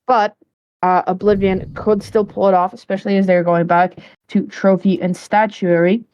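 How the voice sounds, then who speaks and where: A woman's voice: mid-range voice, little pitch movement, moderate pace, darkish tone, lo-fi sound. A woman casting a live esports match, talking through the play in a chatty, casual way with frequent fillers. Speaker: esports caster.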